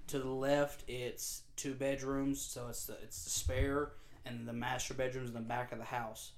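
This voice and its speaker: A man's voice: medium pitch, little pitch movement, moderate pace. A man co-hosting a casual podcast, telling stories animatedly with slang and frequent laughs. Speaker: podcast co-host. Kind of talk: casual chat, storytelling.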